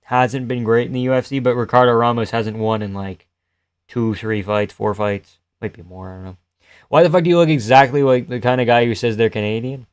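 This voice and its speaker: A man hosting a live fight-reaction stream, chatting loosely and profanely with his viewers and often trailing off quietly. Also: medium pitch, brisk, clear, resonant tone, no room sound. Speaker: live-stream host reading chat.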